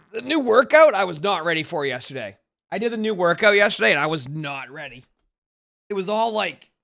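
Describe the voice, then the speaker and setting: A young man talks casually to his livestream viewers, rambling and restarting his sentences. His voice sits a little high and sounds bright and forward. He chats loosely, with plenty of fillers. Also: creaky. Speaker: streamer.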